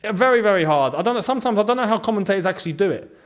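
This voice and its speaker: A man hosting a live football watchalong, talking through the match and shouting when something big happens. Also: high voice, racing. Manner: excitable, swings between muttering and shouting at goals.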